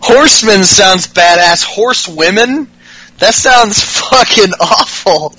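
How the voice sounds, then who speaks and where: A man's voice: high-pitched, slow, bright, forceful tone, slightly rough, poor audio. A man hosting a podcast, recapping wrestling in casual, profane chat with frequent laughs. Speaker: podcast host.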